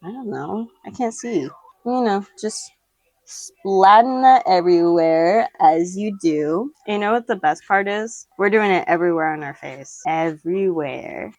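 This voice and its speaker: Talking straight to the camera at home, a young woman walks through her makeup routine in a rambling, relaxed way, laughing and cursing offhandedly. She speaks in a mid-range voice without any echo.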